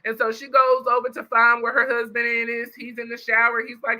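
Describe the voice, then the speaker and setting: Guy doing a chatty plot recap for his channel, high voice, super bright and sharp. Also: monotone, a little fast, poor audio. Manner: chatty storyteller, addresses viewers directly. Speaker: YouTube reviewer.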